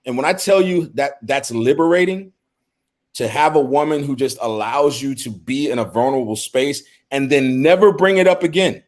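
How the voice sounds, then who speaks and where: Middle-aged guy on a podcast, earnest and heartfelt, stumbles and restarts a lot, average pitch. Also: normal speed. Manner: earnest, heartfelt, with frequent repeated starts. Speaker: podcast co-host. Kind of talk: casual discussion.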